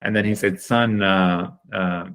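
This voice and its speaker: Earnest man telling a story, lowish voice. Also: measured pace, clean tone. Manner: earnest, animated storyteller with frequent fillers. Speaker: guest, chocolate company founder. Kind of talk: storytelling in a podcast interview.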